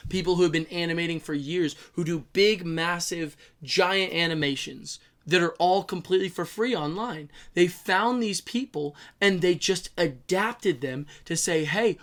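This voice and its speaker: Brief: male podcast co-host, fairly high voice, emphatic, chatty. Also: fairly bright tone. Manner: emphatic, quick to agree. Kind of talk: casual podcast chat.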